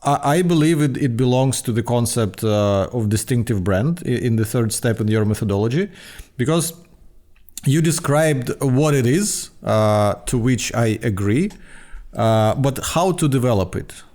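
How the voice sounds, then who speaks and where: A man hosting a podcast, asking questions in a measured, hesitant way with fillers. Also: mid-range voice, darkish tone. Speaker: podcast host. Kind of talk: interview questions.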